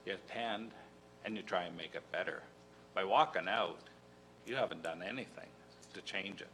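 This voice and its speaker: Low-voiced folksy councillor. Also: male voice, bright, forceful tone, rough recording. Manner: folksy, reasoning aloud. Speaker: county councillor. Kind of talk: council meeting debate. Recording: faint hum under the voice.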